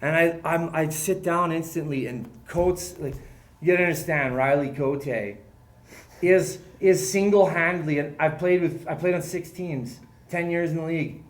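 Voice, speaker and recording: A man, a former hockey player, telling animated stories in casual chat as a guest, often laughing and swearing casually. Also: on the high side, moderate pace.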